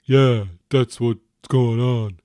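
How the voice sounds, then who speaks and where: A man's voice: medium pitch, steady tone, extremely slow, dark tone, clear, resonant tone, no echo, studio quality, pitched above the performer's own voice. A man voicing his imagined future son, a sulky sixteen-year-old boy embarrassed by his dad, in a whiny, dismissive and mocking tone.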